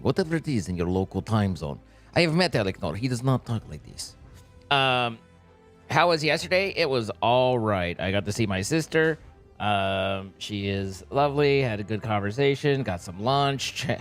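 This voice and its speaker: Rambling male streamer greeting chat. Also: mid-range voice. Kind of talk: casual live-stream chat.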